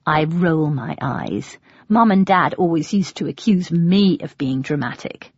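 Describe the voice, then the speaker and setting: A woman with an English accent reading a first-person audiobook in a wry, expressive way. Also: low-pitched, measured pace, breathy edge, no room sound. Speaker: audiobook narrator. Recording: dull lo-fi audio.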